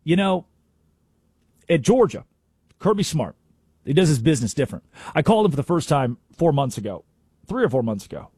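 A man's voice: on the high side, big pitch swings, a little fast, pauses often, dark tone, breathy edge, dry recording, studio quality. A man hosting a sports talk radio show, delivering an emphatic, opinionated monologue.

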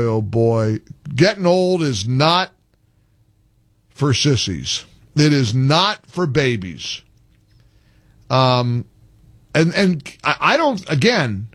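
A man's voice: mid-range voice, no room sound. An older man hosting a call-in radio talk show, joking and exasperated, talking with callers.

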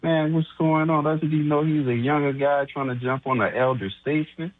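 A man's voice: on the high side, steady tone, moderate pace, dry recording. A man calling in to a sports radio show to mock a rival host. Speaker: caller. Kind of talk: call-in rant. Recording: tinny phone line.

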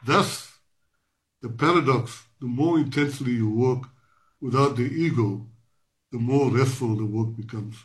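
Halting, reflective man in his sixties. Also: medium pitch. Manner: halting, many fillers and restarts, reflective. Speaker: guest, professor. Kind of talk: interview answer.

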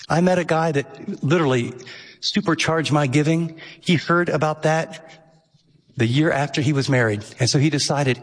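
A man's voice: on the high side, moderate pace, long reverb tail. A man preaching a sermon as pastor, earnest and emphatic, who often asks rhetorical questions.

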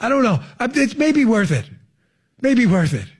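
A man hosts political talk radio with sarcasm and heavy emphasis. His voice sits high for a man and swings widely in pitch, with a husky grain. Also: big pitch swings, moderate pace. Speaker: radio talk show host.

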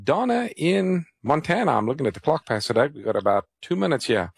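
A man's voice: on the high side, big pitch swings, brisk, vocal fry, slightly rough, dry recording, studio quality. A man co-hosting a call-in Bible radio show, explaining scripture, giving phone numbers and introducing callers. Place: radio studio.

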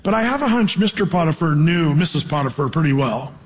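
A man preaching a sermon with a high, husky voice. He reads scripture and then retells the story casually and playfully. The voice rings with the long reverb of a big hall. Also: animated, brisk. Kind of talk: sermon with Bible reading and storytelling.

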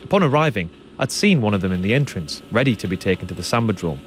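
Calm male documentary presenter. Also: fairly low pitch, fast talker, slight background noise. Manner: calm, descriptive storytelling. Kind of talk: documentary narration and on-site reporting.

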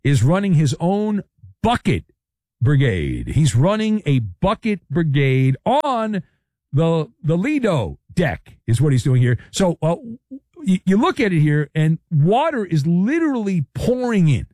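Animated, jokey male sports commentator. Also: a little high, a little slow, dry recording, clean studio sound. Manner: theatrical, jokey, full of wordplay and sound effects.

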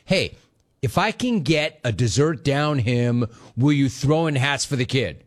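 Reading listener messages on his sports talk show, a radio host ridicules callers with sarcasm and laughter throughout his monologue. He has a medium pitch, lively intonation, and a measured pace.

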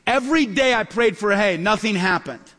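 A man preaching a sermon as pastor, telling stories quickly and acting out the dialogue. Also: high voice, lively intonation, fairly bright tone. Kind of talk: sermon storytelling. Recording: long hall reverb.

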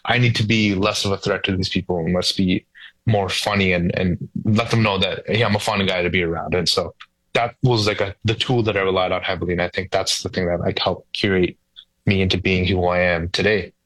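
Low-voiced man chatting casually. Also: a little fast, no room sound, low-quality recording. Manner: relaxed, frequent "like" fillers, playful quoted asides. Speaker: guest comedian. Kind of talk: casual interview chat.

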